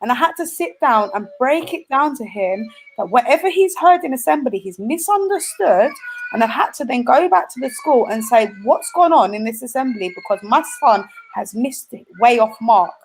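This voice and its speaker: A woman's voice: fairly high pitch, lively intonation, normal speed, a little hiss or hum, poor audio. A young woman, telling an earnest personal story in a casual discussion, correcting herself as she goes. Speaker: panel guest.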